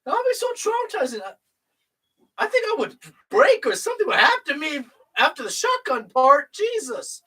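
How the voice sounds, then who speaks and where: Very high, swooping, incredulous voice. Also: big pitch swings, normal speed, distant mic, poor audio. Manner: loud, incredulous reactions. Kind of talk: casual chat, reacting. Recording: voice a bit off the mic.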